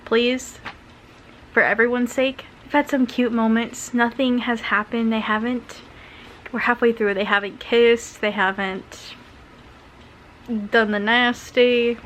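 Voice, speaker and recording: A woman's voice: on the high side, fairly even intonation, measured pace, a bit bright, a little hiss or hum. A young woman vlogging casually from bed at home, chatting with lots of filler words like "like" and "um". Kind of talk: casual chat to camera.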